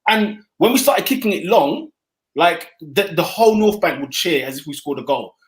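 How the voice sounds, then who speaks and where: A young man talks football with high, lively swings in his voice. He sounds excitable and emphatic, tripping over restarts. The room rings noticeably around him. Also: moderate pace. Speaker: podcast co-host. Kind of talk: casual football chat. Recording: roomy echo.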